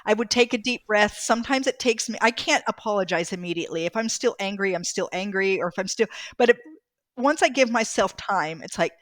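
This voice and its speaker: A woman's voice: medium pitch, fairly quick, a bit bright, no echo. Emotional woman telling her story. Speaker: author and guest. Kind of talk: casual podcast interview.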